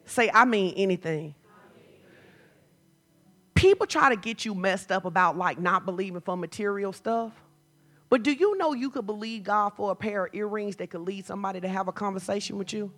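A woman pastor preaching a sermon, moving from chatty storytelling to loud, fervent declarations. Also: medium pitch, normal speed.

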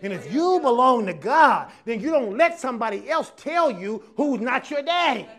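A man with a notably high voice preaches a lively, animated sermon to his congregation. He talks in a relaxed, casual way and keeps acting out other people's voices, swinging between quiet asides and loud, emphatic points. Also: moderate pace. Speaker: pastor. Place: church service with congregation.

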